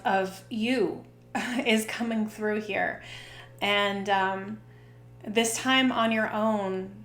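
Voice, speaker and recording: A woman's voice: medium pitch, reverberant. A woman giving a casual tarot reading in a chatty, filler-heavy way, often tagging on "right?" and "okay?". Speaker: tarot reader and spiritual coach.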